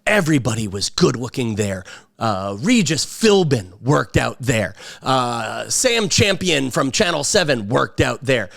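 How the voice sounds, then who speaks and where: A man's voice: mid-range voice, big pitch swings, measured pace, vocal fry, fairly bright tone. A man in his fifties from Long Island, hosting a podcast in a rambling, sarcastic and self-mocking casual monologue. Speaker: podcast host.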